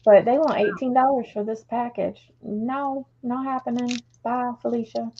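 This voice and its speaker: A plain-spoken woman trades wry remarks with friends during a craft stream. Her voice sits a little high. The sound is slightly dull. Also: fairly even intonation, moderate pace, dark tone, slight background noise. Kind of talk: casual chat while crafting.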